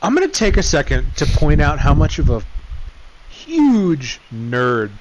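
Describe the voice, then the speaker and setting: A man co-hosting a podcast, talking enthusiastically about a book with quick asides and easy laughs. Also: on the high side, huge pitch swings, a little hiss or hum, low-quality recording. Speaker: podcast co-host. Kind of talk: casual book discussion.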